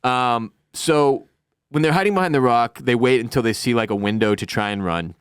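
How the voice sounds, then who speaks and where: A man co-hosting a casual TV recap show, retelling scenes with lively acted-out lines. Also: medium pitch, smooth, no echo, studio quality. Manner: animated, acts out characters' lines in quick impressions. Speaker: podcast co-host.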